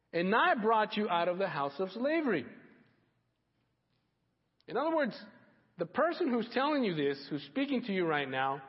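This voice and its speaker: A man preaching a sermon with a voice that sits a little high for a man. He drives his points home by repeating key phrases. The live recording sounds dull and carries a long hall reverb. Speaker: pastor.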